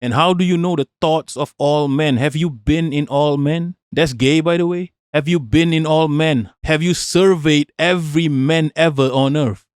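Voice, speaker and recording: A man's voice: a little high, moderate pace, hardly any pauses, clean tone, no room sound, studio quality. A man casually reacting on a stream, mocking and profane, firing off rhetorical questions between laughs.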